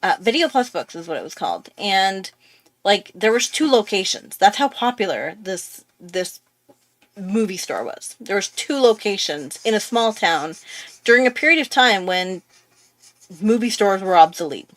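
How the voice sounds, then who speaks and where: A woman's voice: medium pitch, lively intonation, normal speed, no echo. A young woman telling a long, rambling story in casual chat on her art channel, with many fillers and restarts. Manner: chatty, rambling, full of fillers. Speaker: art YouTuber.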